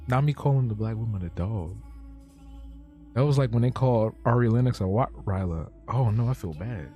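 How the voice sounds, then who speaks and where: A man's voice: medium pitch, normal speed, warm tone, faint music behind. Joking man chatting on a live stream. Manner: joking, reacts to chat, thinks aloud while drawing. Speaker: streamer drawing cartoons live. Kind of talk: casual live-stream chat.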